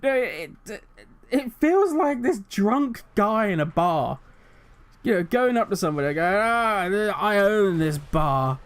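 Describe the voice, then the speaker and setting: A man's voice: high-pitched, lively intonation, moderate pace. A man hosting a gaming channel, ranting animatedly with exasperated rhetorical questions. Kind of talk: casual commentary rant.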